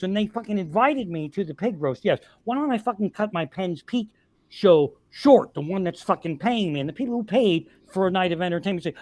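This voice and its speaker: Male comic guest, slightly high voice, dry close mic, profane ranting delivery. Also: lively intonation, normal speed, a little mellow, no echo. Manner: heavy swearing, ranting and exasperated. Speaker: stand-up comedian guest. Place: podcast studio.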